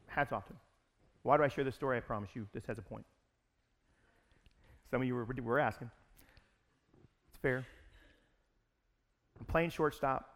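A pastor telling a personal story in a sermon, in an animated, conversational way. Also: male voice, medium pitch.

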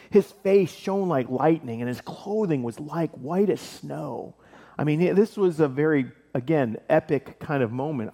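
Man, pastor, lively sermon, slightly high voice, long hall reverb. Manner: animated, acts out biblical scenes with playful voices and laughs.

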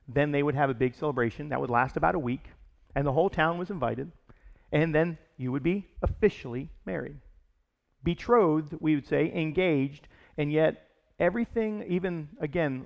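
A man's voice: fairly high pitch, creaky. A man preaching a conversational sermon to a church congregation, often restarting his sentences. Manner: conversational preaching, many restarts and "if you will". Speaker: pastor. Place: church service.

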